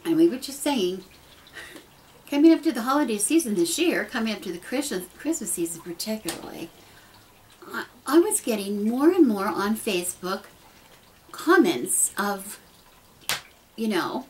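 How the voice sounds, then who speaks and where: A woman's voice: mid-range voice, sing-song, moderate pace, long pauses, darkish tone, a little hiss or hum, low-quality recording. A middle-aged woman speaking earnestly and casually to her camera, rambling with restarts as she shares heartfelt thoughts. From United States. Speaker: pagan vlogger. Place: dim room at home. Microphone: camera mic.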